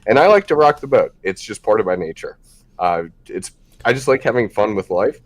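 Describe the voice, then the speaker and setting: Low-voiced man rambling frankly. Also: animated, fairly quick. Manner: rambling, frank, with many fillers. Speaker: podcast host. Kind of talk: casual podcast chat.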